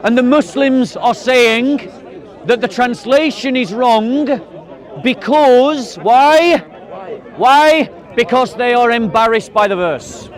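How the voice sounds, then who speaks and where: A man's voice: very high-pitched, slow pace. A man debating a crowd outdoors, firing pointed questions and mocking his opponents. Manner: challenging, mocking, pressing questions. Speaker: street debater. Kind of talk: open-air debate. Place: outdoors in a park. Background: crowd of onlookers.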